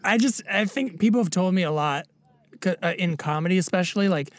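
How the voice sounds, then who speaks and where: A man's voice: high voice, brisk, dry recording. A man guesting on a podcast, earnest and self-deprecating, laughing often as he chats. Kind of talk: casual chat.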